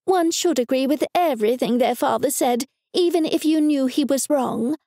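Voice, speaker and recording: Shrill pious older mother, high and scolding, gravelly edge, voiced by a woman narrator. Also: moderate pace, mellow. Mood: indignant. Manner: shrill, indignant.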